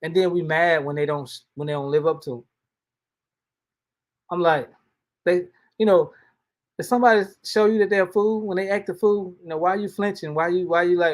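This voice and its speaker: A man delivers a relaxed devotional talk in plain, everyday speech. His voice sits a little higher than most men's. He circles back and restarts phrases as he goes. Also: fairly quick, pauses often. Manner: colloquial, folksy, repeats and restarts words. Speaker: host and motivational speaker. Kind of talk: casual spoken devotional.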